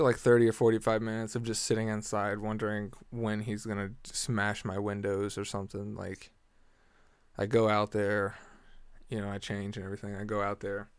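A man's voice: on the low side, clean tone, no echo. A man telling a story casually, swearing a lot, laughing often and acting out the exchanges. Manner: animated retelling, acting out exchanges.

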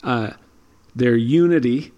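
A man's voice: medium pitch, takes it slowly, warm tone, muffled recording. Thoughtful man explaining scripture casually. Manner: thoughtful, many fillers and restarts. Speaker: podcast co-host. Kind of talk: casual Bible study discussion.

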